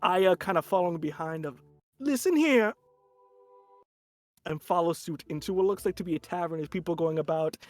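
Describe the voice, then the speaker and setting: A man's voice: fairly high pitch, level tone, quick pace, hardly any pauses. A man running a tabletop game as game master, narrating in a casual, rambling way.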